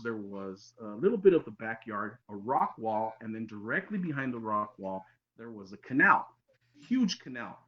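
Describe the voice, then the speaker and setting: Man telling a spooky story. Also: medium pitch. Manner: animated storyteller, drops to near-whispers for tense moments. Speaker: interview guest. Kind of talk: telling a personal encounter story. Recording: dull lo-fi sound.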